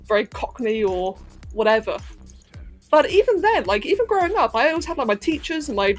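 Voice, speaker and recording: A woman from England with a posh London accent, softened by a little Californian, chatting casually and laughing with her chat during a gaming livestream. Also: high-pitched, very animated, a little fast, soft background music. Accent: posh London English, slightly Californian-tinged. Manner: chatty, giggly, answers chat while playing.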